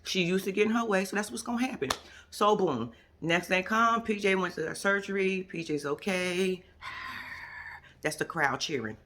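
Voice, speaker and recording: A woman's voice: mid-range voice, a little slow, fairly bright tone, a little hiss or hum. A woman giving a casual, sassy spoken recap of a reality TV episode as a vlogger. She acts out what other people said and drops into whispered asides.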